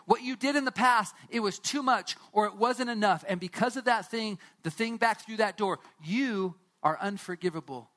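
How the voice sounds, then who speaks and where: High-voiced pastor telling a story. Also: male voice, normal speed, hardly any pauses, fairly bright tone. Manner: storytelling, dramatic, direct to listeners. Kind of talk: sermon.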